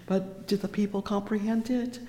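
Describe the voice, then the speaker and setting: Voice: mid-range voice, little pitch movement, normal speed, dark tone. Fervent preacher in an echoey hall. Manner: fervent, exclaiming "oh yes" and "praise the Lord" between lines; reads scripture in old-fashioned wording. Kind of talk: sermon.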